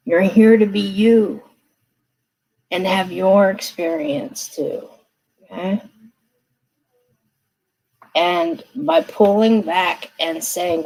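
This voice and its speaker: A woman's voice: medium pitch, very animated, drawn-out words, vocal fry, long pauses, low-quality recording. A woman giving a casual live tarot reading from her desk, chatty and reassuring, often checking in with the listener. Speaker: tarot card reader. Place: seated at a desk.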